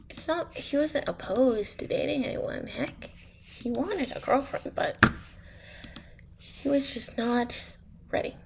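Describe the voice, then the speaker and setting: This is a woman narrating a homemade story in a relaxed, rambling way and often losing her thread. Her voice sits fairly high and her pace is slow and unhurried. Faint background noise sits under her voice. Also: gravelly. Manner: rambling, easily sidetracked, many fillers. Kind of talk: casual spoken storytelling over gameplay.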